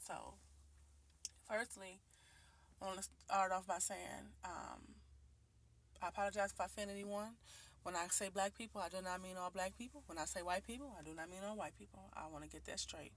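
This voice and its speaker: A Detroit, Michigan woman in her late twenties vlogs a personal monologue into her phone camera, at home and around her neighborhood. Her mid-range voice moves at a normal speed, and she speaks candidly and earnestly with plenty of ums and restarts.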